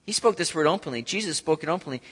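A man preaching a sermon, animated, acting out scenes and swinging from loud to soft. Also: a little high, rapid-fire, slightly rough. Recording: echoey hall.

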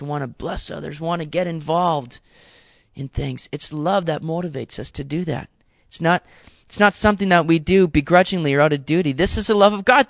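A man preaching a sermon in a conversational, animated way, with playful asides to the congregation. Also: on the high side, vocal fry, no echo, lo-fi sound. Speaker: pastor.

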